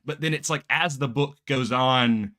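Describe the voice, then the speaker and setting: A man's voice: mid-range voice, measured pace, pushed and bright. A man co-hosting a casual book club livestream, talking animatedly with many restarts and laughs.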